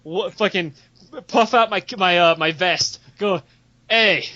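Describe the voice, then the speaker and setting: A young man telling comedic stories on a podcast, animated and profane, jumping into character voices. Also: measured pace. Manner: animated, profane, acts out quotes with big pitch jumps. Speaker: storyteller on a podcast. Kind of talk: casual comedic storytelling. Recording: dull lo-fi podcast audio.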